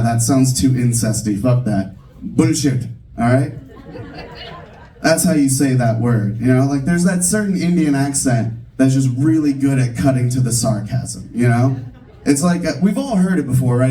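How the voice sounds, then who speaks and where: Laid-back man doing stand-up, mellow, distant. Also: medium pitch. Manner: casual, self-mocking, chatty with fillers. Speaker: stand-up comedian. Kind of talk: stand-up comedy set. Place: comedy club stage. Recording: distant room recording of a live set.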